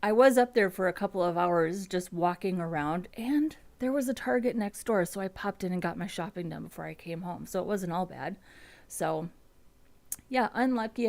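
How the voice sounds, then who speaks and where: A woman's voice: mid-range voice, darkish tone. A woman chatting casually at home as host of a front-end coding live stream, rambling and restarting her sentences.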